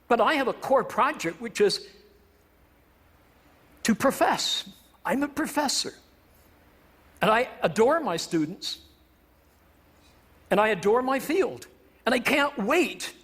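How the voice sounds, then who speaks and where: A man from Canada lectures on stage with a noticeably high-pitched voice. He is a professor with a wry, self-deprecating humor and a playful turn of phrase. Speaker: professor giving a stage talk.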